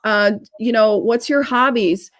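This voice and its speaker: Chatty woman business coach, quick asides. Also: on the high side, fairly bright tone. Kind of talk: casual live-stream chat.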